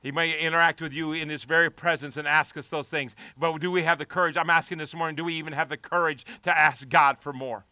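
A man preaching a sermon as pastor, passionately swinging between quiet, prayerful lines and loud, shouted appeals. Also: on the high side, fairly even intonation, fast, hardly any pauses, clear, resonant tone, no room sound.

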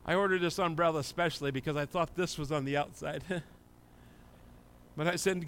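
A man preaching a sermon as a pastor, moving between quiet prayer and loud, excited preaching. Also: fairly high pitch, brisk, clean tone. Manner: swings from hushed prayer to shouted, excited preaching.

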